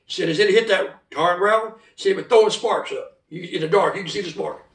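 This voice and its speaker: A man from South Carolina telling a story in a folksy, animated way, acting out the voices of the people in it. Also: high-pitched, fast, gravelly, echoey room, distant mic. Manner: folksy, animated, acts out voices in quoted speech. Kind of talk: casual oral storytelling.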